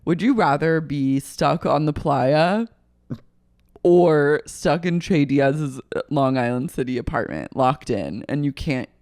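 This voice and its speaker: A podcast co-host in casual chat, recapping a TV episode with animated, profane, jokey banter. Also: medium pitch, slow pace, no echo, studio quality.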